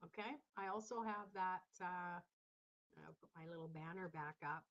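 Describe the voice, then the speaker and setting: A woman's voice: lowish voice, normal speed, fairly bright tone. A woman hosting a casual tarot livestream, chatty and encouraging as she talks to viewers in the chat. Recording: slightly dull lo-fi sound.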